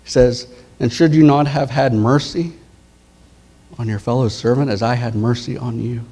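A man preaching a sermon, retelling parables in a conversational way and dropping his voice low and soft for key words. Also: steady tone, normal speed, husky. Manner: conversational storytelling, dropping to soft intense tones for quoted lines.

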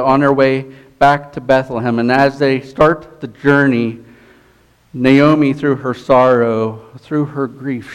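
A man's voice: medium pitch, clear, resonant tone. A man preaching a sermon, reading scripture and retelling it in casual everyday speech. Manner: paraphrases scripture in everyday voices, conversational.

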